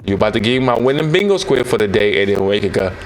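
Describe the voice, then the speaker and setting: A man's voice: lowish voice, expressive, fast talker, soft background music. A man giving playful, teasing reaction commentary to viewers over video footage.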